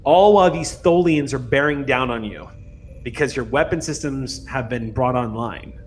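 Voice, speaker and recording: A man running a tabletop role-playing game as game master, narrating and setting rolls in a relaxed, chatty way. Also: mid-range voice, normal speed, slight background noise. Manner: relaxed, chatty, with fillers and laughs.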